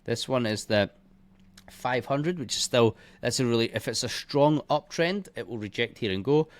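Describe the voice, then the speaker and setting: Man, trading teacher, foul-mouthed, scornful, punchy, chart walkthrough. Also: moderate pace. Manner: blunt, heavily profane, scornful; emphatic sound effects like boom and bish bash bosh. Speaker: trading educator.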